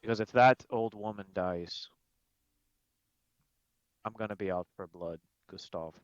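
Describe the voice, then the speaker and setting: A man voicing a bitter, brooding cloaked vigilante in a gruff put-on Irish accent. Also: fairly low pitch, measured pace, dry recording, highs cut off, close to an everyday voice.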